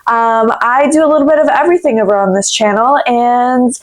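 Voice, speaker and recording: A woman's voice: fairly high pitch, brisk. A woman YouTuber chatting in her home office, rambling and blunt as she reads online posts aloud and reacts to them with swearing. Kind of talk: casual chat and reading with commentary.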